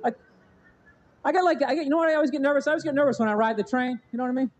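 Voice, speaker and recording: A man's voice: very high-pitched, rapid-fire. A man from the American suburbs telling a rambling stand-up story on stage, full of "you know what I mean". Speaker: stand-up comedian. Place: comedy stage with a live audience.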